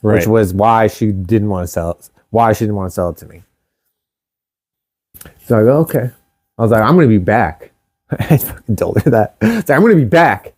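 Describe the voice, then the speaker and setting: A young man co-hosting a casual chat show, telling a story in an animated way, swearing freely and acting out what people said. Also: lowish voice, moderate pace, long pauses. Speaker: co-host.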